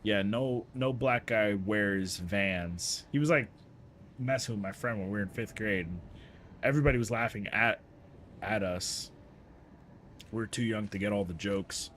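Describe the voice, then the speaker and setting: Lively storytelling man, fairly low voice. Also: moderate pace, long pauses, slight background noise. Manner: animated, laughs often, acts out the people he quotes. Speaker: streamer. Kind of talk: casual storytelling to a live chat.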